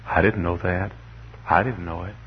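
A husky-voiced pastor, a man, preaches in a rambling, humorous way, stumbling over repeated words as he spins folksy stories. Then he climbs into emphatic declarations. The sound is dull and lo-fi, like an old recording. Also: low-pitched, fairly even intonation, normal speed. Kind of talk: sermon with folksy storytelling.

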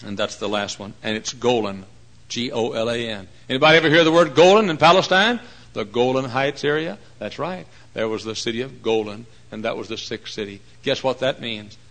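A man preaching a lively sermon in a church, bursting into shouts and putting on voices. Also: fairly low pitch, moderate pace, low-quality recording.

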